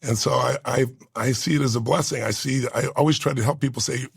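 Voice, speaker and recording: Earnest gravelly man telling a story. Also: medium pitch, fairly even intonation, dry recording, clean studio sound. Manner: earnest, halting, with restarts and quoted voices. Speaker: storyteller sharing a personal story. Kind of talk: emotional personal storytelling.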